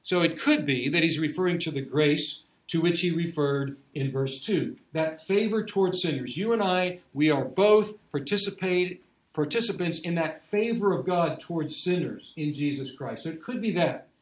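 A man's voice: a little high, normal speed, reverberant, poor audio. A man preaching an expository sermon, earnest, repeating key phrases for emphasis. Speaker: pastor.

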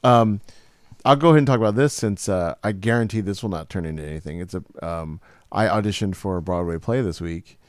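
A man co-hosting a casual chat, telling stories in an animated way. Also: deep voice, brisk, no echo, studio quality. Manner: animated storytelling, puts on accents from scripts. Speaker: podcast co-host.

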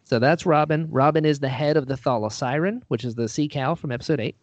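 A man's voice: a little high, fast talker, no room sound, highs cut off. A man, an actor and writer being interviewed, talking casually and rambling with lots of fillers, a little self-deprecating.

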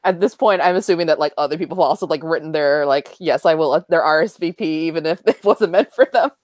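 A woman's voice: sits low, quick pace, a little mellow, no echo, studio quality. A woman playing a tabletop role-playing game, describing her character in a chatty, rambling way. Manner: chatty, rambling with many fillers. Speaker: player.

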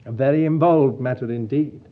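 A man's voice: medium pitch, a little fast, phone-quality sound. A man preaching a sermon in an earnest, pastoral way, calling his listeners dear children of God.

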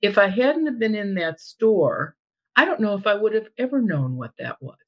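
On a lo-fi recording, a middle-aged woman with a mid-range voice tells a personal story at normal speed. As a guest storyteller in casual conversation, she animatedly acts out the quoted voices.

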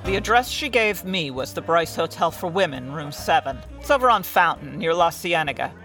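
A woman playing a brisk, tactless client in the style of 1940s radio acting. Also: lowish voice, animated, over music. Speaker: client hiring a detective.

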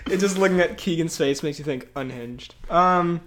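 A man's voice: a little high, moderate pace, noisy background. Laughing young man in loose chat. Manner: laughs often, rambling, filler-heavy. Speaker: podcast co-host. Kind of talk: casual chat.

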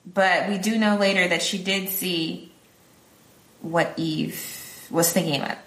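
A woman's voice: lowish voice, steady tone, slow, fairly bright tone. A woman co-hosting a podcast, recapping a film plot casually in a rambling way, full of fillers and acted-out quotes. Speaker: podcast co-host. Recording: echoey room.

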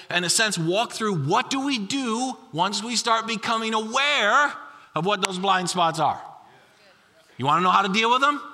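Bright-voiced male pastor preaching in a hall. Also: sits high. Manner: storytelling with acted quotes and repetition. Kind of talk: sermon.

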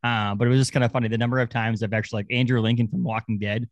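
A man chats as a podcast co-host in a dry, close-miked sound. He rambles in an animated way and often restarts his thoughts. His voice sits at a middle pitch. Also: racing, no room sound, lo-fi sound. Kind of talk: casual chat.

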